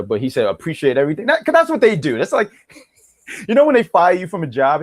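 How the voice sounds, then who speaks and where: A man's voice: high-pitched, sing-song, a little fast, long pauses. A man co-hosting a wrestling podcast, chatting casually with a joking, mock-boastful manner. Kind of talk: casual chat.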